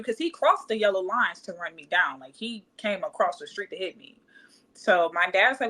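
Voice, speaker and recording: A woman's voice: medium pitch, moderate pace, sharp tone. A woman, candidly telling a personal story in casual podcast chat and acting out other people's voices. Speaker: podcast co-host.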